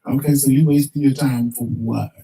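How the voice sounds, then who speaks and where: A man co-hosting a casual talk show, calm and matter-of-fact as he tells a story. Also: mid-range voice, moderate pace, gravelly, recorded from a distance, rough recording.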